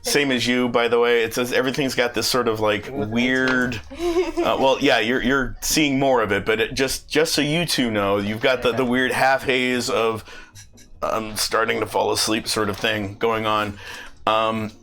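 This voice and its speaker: Bright-voiced man running a tabletop game. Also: mid-range voice, lively intonation, unhurried, faint music behind. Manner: rambling, full of ums and restarts, chuckling often. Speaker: game master.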